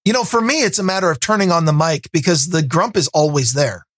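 A man's voice: fairly high pitch, fast, a bit bright, no room sound. A man co-hosting a casual tech podcast, with dry, teasing, grumpy banter. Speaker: podcast co-host.

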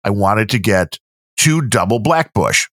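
A man's voice: fairly low pitch, unhurried, no room sound, clean studio sound. A man with a Midwestern American accent, co-hosting a podcast and telling casual stories with frequent laughs. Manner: animated storyteller, laughs often, mimics others. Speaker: podcast co-host. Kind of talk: casual chat, storytelling.

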